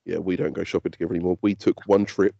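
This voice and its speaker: A man's voice: low-pitched, rapid-fire, creaky, no echo, highs cut off. A man, co-hosting a podcast in casual chat and telling stories with lots of swearing. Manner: sweary, animated storytelling. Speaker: podcast co-host.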